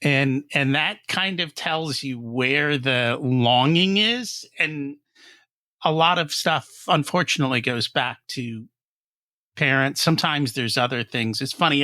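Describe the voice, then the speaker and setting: A man's voice: medium pitch, bright, forceful tone, no echo, studio quality. A man hosting a podcast, asking questions and musing aloud in a curious, conversational way. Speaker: podcast host. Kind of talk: interview questions and casual commentary.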